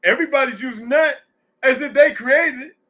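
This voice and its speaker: A middle-aged man with a high, bright voice hosts a casual live audio discussion. He talks bluntly and curses freely, telling stories in a plain, direct way. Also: fairly quick. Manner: blunt, profane storytelling. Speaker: host.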